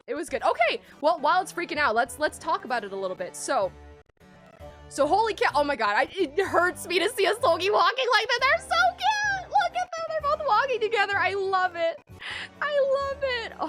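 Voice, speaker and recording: A young woman streaming a game, excitable and gushing, with frequent gasps. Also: sits high. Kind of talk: casual live-stream commentary. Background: faint game music.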